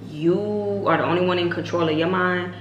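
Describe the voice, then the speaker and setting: A woman's voice: steady tone, moderate pace, highs cut off. Emphatic young woman, roomy echo. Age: 20s. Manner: emphatic, preachy, repetitive, bursts into loud high exclamations. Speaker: vlogger host. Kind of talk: motivational faith-based vlog talk. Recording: roomy echo with faint hiss.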